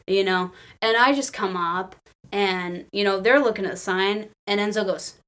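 A woman from Illinois chatting casually, an excitable storyteller who acts out quotes and laughs often. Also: mid-range voice, moderate pace. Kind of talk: casual chat.

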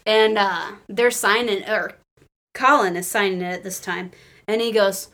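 A woman from Illinois chatting casually, an excitable storyteller who acts out quotes and laughs often. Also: mid-range voice, unhurried. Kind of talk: casual chat.

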